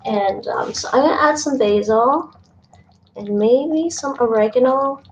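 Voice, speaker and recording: A young woman with a high voice speaks a little slowly, recorded from afar, as she cooks and chats casually with chat readers on a live stream. She thinks aloud and laughs frequently in her home kitchen. The audio is roomy and dull, with a fan running.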